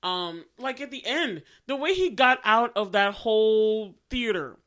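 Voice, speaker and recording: Casual podcast co-host: a woman with a bright, clear tone, lively and laughing often. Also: a little high, measured pace. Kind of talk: casual chat.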